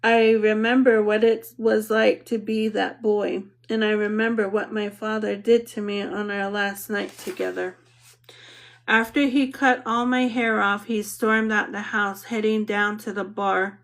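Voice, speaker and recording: Lady reading a novel out loud, calm reflective first-person narration, mid pitch, kinda flat. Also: a little slow. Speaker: audiobook narrator.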